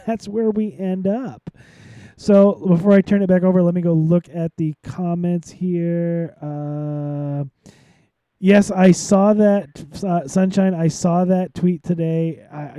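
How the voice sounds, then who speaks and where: Tired male podcast co-host, very dark mellow tone, dry close sound, rambling with restarts. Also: sits high, fairly even intonation, unhurried, clean tone, no room sound. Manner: rambling, many restarts and fillers. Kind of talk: live podcast commentary.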